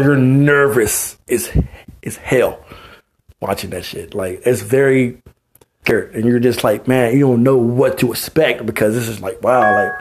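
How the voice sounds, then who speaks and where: A man's voice: mid-range voice, slight background noise. A young man hosting a podcast, talking alone in a rambling, heartfelt way and often asking "you know what I mean". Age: young adult. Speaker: podcast host. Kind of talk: personal monologue.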